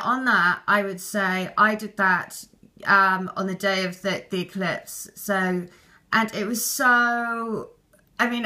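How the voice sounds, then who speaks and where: A woman's voice: mid-range voice, pushed and bright. A woman hosting a spiritual channel, chatting loosely and emphatically as she reads out viewers' messages. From Britain. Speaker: spiritual reader and channel host. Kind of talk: casual chat reading out viewer messages.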